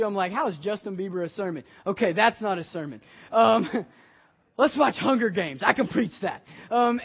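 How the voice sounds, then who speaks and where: High-voiced animated preacher man. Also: vocal fry. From Kentucky. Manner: animated storytelling, acting out his own excitement. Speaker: pastor. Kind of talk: sermon. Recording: dull lo-fi sermon audio.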